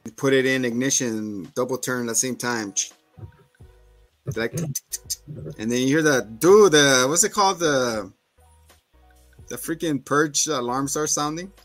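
A man's voice: medium pitch, unhurried, pauses often, a bit bright. A man chats loosely through a podcast recap of a TV episode, swearing and laughing as he acts out lines from the scenes. His voice sits in an ordinary middle register. Light music plays faintly behind him. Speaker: podcast co-host. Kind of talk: casual chat recapping a TV episode.

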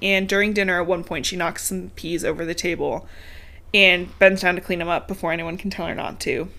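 A woman's voice: fairly low pitch, steady tone, fairly quick, creaky, pushed and bright. A woman, chatting casually on a podcast as she recaps a book, laughing often and swearing freely. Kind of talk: casual chat.

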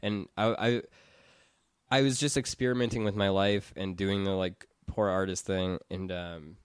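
Low, smooth-voiced rambling man. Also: steady tone, normal speed, dry recording, studio quality. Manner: rambling, filler-heavy, earnest. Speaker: podcast network founder. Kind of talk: casual podcast chat.

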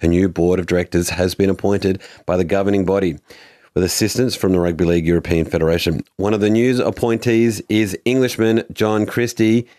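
Guy doing a jokey footy news roundup, lowish voice, dry sound. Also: fairly even intonation, a little fast, dark tone, no echo. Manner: playful, jokey asides. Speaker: podcast host.

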